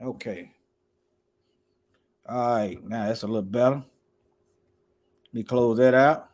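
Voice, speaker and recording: A man giving casual commentary while reading news articles aloud. He talks emphatically, repeats phrases and stumbles over words, and mutters quietly to himself between points. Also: medium pitch, takes it slowly. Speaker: political commentator.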